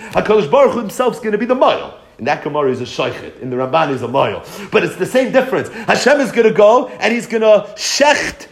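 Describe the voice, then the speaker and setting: Animated man teaching a Torah class. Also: high-pitched. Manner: animated, asks and answers his own questions; chants Hebrew and Aramaic quotes in a slow singsong.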